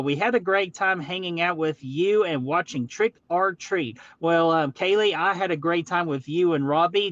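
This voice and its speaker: A man's voice: a little high, fairly bright tone, no room sound, dull audio. A man hosting a casual live stream, upbeat and greeting viewers in the chat one by one. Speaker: livestream host.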